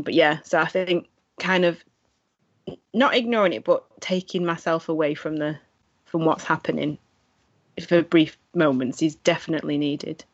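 A woman's voice: deep voice, fairly even intonation, normal speed. Chatty young woman, muffled audio. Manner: chatty, acts out quoted remarks. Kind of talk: casual chat. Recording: muffled lo-fi recording.

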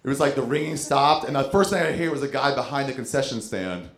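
A fast-talking man with a medium-pitched voice does stand-up in a comedy club, animatedly voicing the people in his story. Background noise, echo, and audience laughter fill the recording.

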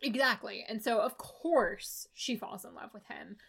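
A woman's voice: fairly high pitch, lively intonation, a little slow, gravelly, a bit bright, breathy edge. A woman co-hosting a podcast, recapping a book in casual chat with an exasperated, sarcastic and profane manner. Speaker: podcast co-host reviewing a book.

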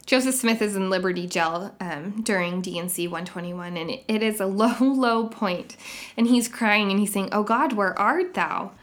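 A woman hosting a devotional podcast, talking in an earnest, reflective way and sharing personal experiences with soft laughs. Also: medium pitch. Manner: reads scripture aloud in a measured way. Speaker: podcast host.

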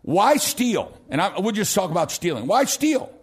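A middle-aged American man preaching a sermon as pastor, telling stories animatedly and rising into shouts for emphasis. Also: sits high, very animated, moderate pace, slightly rough. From United States.

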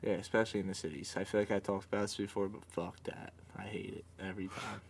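A man's voice: lowish voice, little pitch movement, fast talker, vocal fry, slight background noise. A man co-hosting a podcast in casual chat, laid-back, laughing and swearing now and then. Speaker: podcast co-host.

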